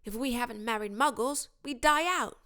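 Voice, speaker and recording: Ron, a woman voicing a hoarse sick boy. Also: on the high side, normal speed, bright, forceful tone, voice pushed up. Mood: indignant. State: hoarse and queasy. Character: young teen wizard boy, sick and hoarse.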